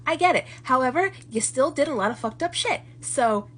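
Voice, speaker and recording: A woman in a casual book review, talking in an animated, profane rant. Her voice sits a little high and has a husky, breathy edge. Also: a little fast.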